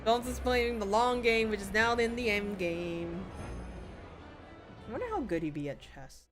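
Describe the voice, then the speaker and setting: A woman's voice: mid-range voice, moderate pace, over music. A woman streamer making wry, casual asides while reading a courtroom video game aloud. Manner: wry asides between dialogue. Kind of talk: casual gameplay commentary.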